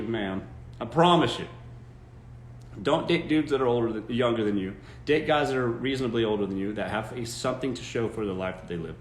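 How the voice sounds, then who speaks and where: On a live stream, a man with a mid-range voice rants bluntly and emphatically about dating, swearing freely and mocking the voices he quotes. The sound is reverberant with slight background noise.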